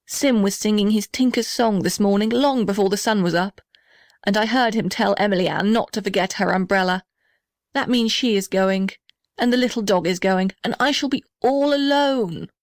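A woman's voice: mid-range voice, moderate pace, dry recording, clean studio sound, close to an everyday voice. A woman voicing a small, lonely male house in a storybook reading, plaintive and self-pitying.

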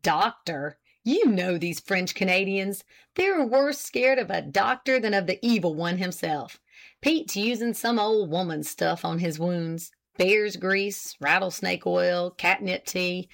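Lady reading as a smooth confident lawyer guy, slow and dignified. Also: lowish voice, lively intonation. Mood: irritated. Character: smooth, self-assured male small-town lawyer.

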